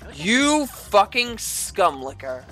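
Here a gaming channel host delivers sweary, ranting commentary, swinging between low mutters and screaming outbursts. Her delivery is sing-song and slow with a fairly bright tone, and faint music sits behind it.

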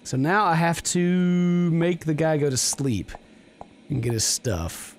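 Animated male gameplay commentator; casual, offhand, higher-pitched, swings his pitch a lot. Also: slow, faint music behind. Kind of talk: casual let's play commentary.

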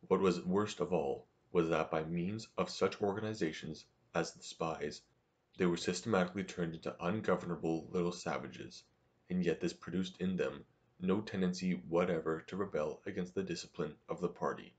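A man narrating a novel as an audiobook in a steady, measured reading. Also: low-pitched.

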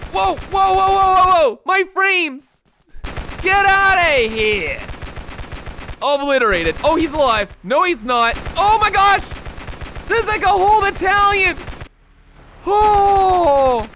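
An excitable man commentates on a video game, exclaiming often as he talks to his viewers. His voice sits high and bright, and he keeps an unhurried pace between bursts. Faint game gunfire plays beneath him. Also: slight background noise. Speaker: gameplay commentator. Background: game gunfire and explosions.

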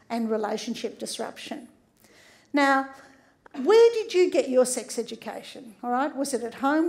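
A high-pitched middle-aged woman with an Australian accent delivers a public lecture as a sex therapist. She is humorous and keeps checking in with her audience as she goes. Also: gravelly, darkish tone.

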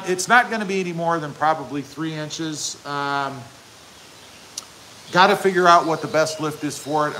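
A man hosts a relaxed livestream, answering viewer comments one by one with a chatty, joking manner and the odd playful bout of self-promotion. His voice sits a little high and rings bright and forceful. A faint hiss of background noise sits under the recording. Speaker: channel host reading live chat. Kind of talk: casual livestream chat.

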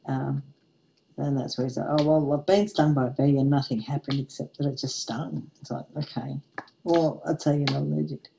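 A woman's voice: rumbling low, steady tone, brisk, vocal fry, dark tone, slight background noise, low-quality recording. A woman in her forties telling a funny anecdote in a casual craft-vlog chat, laughing often as she goes. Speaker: craft vlogger.

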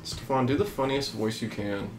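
A man doing let's play commentary on a horror game, crude and trash-talking, swinging from low mutters to panicked screaming. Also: normal speed. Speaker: gameplay commentator. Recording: roomy sound with game music behind.

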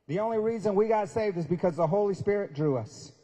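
A man gives an emphatic, sermon-style talk with folksy humor. His voice sits fairly high but sounds mellow and a little husky. A long hall reverb follows his words. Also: lively intonation, fast talker. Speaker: guest speaker. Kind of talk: sermon-style speech at a prayer breakfast. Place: large event hall at a university.

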